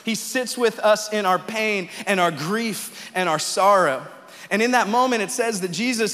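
A man's voice: high-pitched, fairly bright tone. A man preaching a conversational sermon as a pastor, often tagging "right?" and climbing into fervent pleas. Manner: conversational preaching, tag questions, rising to fervent quoted pleas. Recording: long hall reverb.

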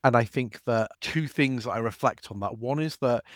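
A man co-hosting a casual livestream chat, relaxed and repeating points for emphasis. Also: medium pitch, normal speed, no echo, clean studio sound.

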